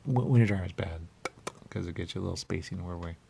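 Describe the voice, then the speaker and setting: A man's voice: low-pitched, fast talker, vocal fry, mellow, slightly rough. A man hosting a radio show, rambling comically and repeating himself, often breaking into silly voices.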